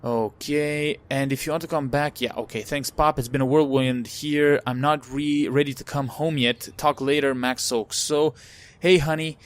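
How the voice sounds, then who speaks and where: A man's voice: on the high side, steady tone, moderate pace. A man playing a story game for a let's play video, reading the on-screen texts aloud with casual asides and fillers.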